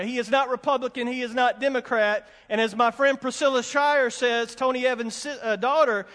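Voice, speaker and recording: High-voiced pastor in a reverberant hall. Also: male voice, fairly even intonation, fairly quick, few pauses, fairly bright tone. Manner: emphatic, repeats warnings, folksy asides. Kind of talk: sermon. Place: church sanctuary with congregation.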